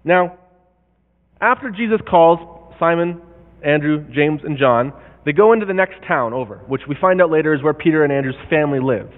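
A man's voice: fairly high pitch, expressive, moderate pace. Man preaching in an echoey hall. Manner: explanatory, checks in with listeners. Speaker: pastor. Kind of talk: sermon teaching on a Bible passage. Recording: tinny phone-like sound with long hall reverb.

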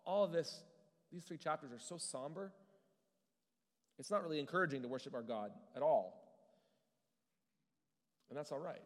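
A man's voice: a little high, expressive, measured pace, long pauses, big-room sound. A male pastor giving an earnest, conversational sermon, restarting words now and then.

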